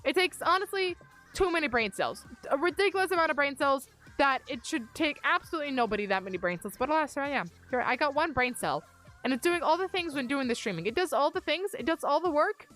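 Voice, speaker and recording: A woman's voice: high voice, animated, quick pace, a bit bright, faint music behind. A young woman chatting casually and rambling on a gaming livestream from her upstairs bedroom, speaking into a desk mic on a mic arm. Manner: rambling, self-deprecating, chatty. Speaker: streamer.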